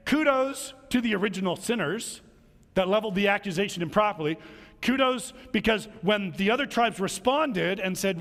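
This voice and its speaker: A man preaching a sermon in an animated way, acting out quarrels between people as he talks. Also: high voice. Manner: animated, acts out quarrels in little voices. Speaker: pastor. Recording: long hall reverb.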